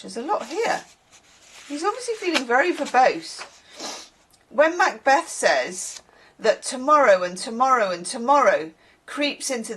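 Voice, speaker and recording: A woman's voice: medium pitch, a bit bright. A woman reading a text aloud in a casual video, often breaking off to comment on it and apologise for her pronunciation. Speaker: tarot reader.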